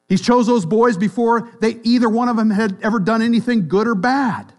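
A high-pitched man preaches a sermon in a church. He speaks emphatically, building to loud declarations and then dropping to quiet, low lines. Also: moderate pace, few pauses. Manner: emphatic, rises and drops sharply in pitch and volume. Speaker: pastor.

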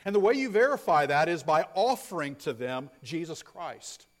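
A male pastor preaching a sermon, emphatic, stressing points through repetition and swinging from loud declarations to hushed asides. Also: fairly high pitch, big pitch swings, normal speed. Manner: repeats phrases for stress.

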